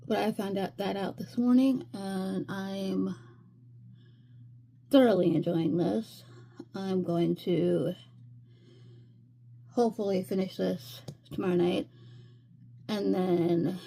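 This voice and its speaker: Slow, gravelly-voiced woman vlogging. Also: lowish voice, dark tone. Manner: easygoing, rambling with many fillers. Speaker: reading vlogger. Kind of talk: casual vlog update.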